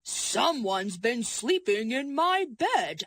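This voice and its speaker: A grumbling father bear from a storybook, read by a woman. He grumbles slowly and plainly in a voice close to her own, with no big put-on growl. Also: on the high side, very animated, a bit bright, exaggerated voice.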